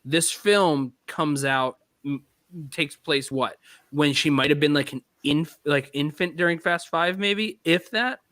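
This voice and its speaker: A man's voice: fairly high pitch, measured pace, a bit bright, dry recording, clean studio sound. A man co-hosting a casual movie podcast, rambling and quoting film lines. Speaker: podcast co-host.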